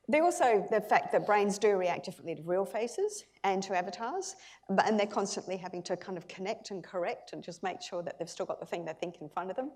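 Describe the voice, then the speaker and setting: An Australian woman in middle age gives a conference keynote in a talkative, lively way. Her voice sits at a middle pitch. She laughs easily and often restarts her sentences as she goes. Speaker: keynote speaker. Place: conference hall.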